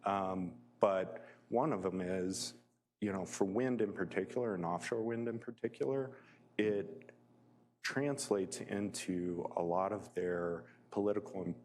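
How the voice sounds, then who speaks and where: Man, very low voice, guest lecturer, conversational, filler words, chuckles. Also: unhurried, darkish tone. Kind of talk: public lecture with personal stories.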